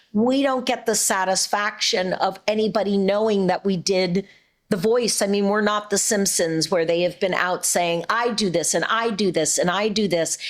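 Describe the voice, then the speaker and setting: A middle-aged woman voice actress chatting as an interview guest, warm and rambling with frequent restarts. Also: medium pitch. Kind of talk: casual interview chat.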